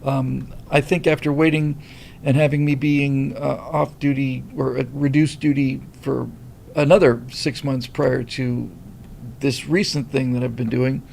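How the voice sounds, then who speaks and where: A middle-aged man hosting a casual livestream, rambling and animated as he reads viewer comments. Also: medium pitch, measured pace, vocal fry, a little hiss or hum. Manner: rambling, animated, many restarts. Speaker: livestream host reading super chats.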